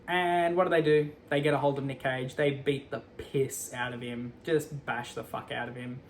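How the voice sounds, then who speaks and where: A man giving a casual, animated film recap, acting out the characters' lines as he goes. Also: medium pitch, moderate pace, hardly any pauses, slight background noise. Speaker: movie recap commentator.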